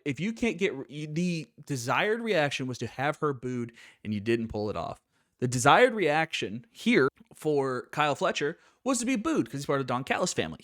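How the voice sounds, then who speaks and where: A man's voice: mid-range voice, a bit bright, no room sound, clean studio sound. A young American man hosting wrestling commentary, opinionated and sarcastic, riffing with mock quotes. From United States. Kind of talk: opinionated live-stream commentary.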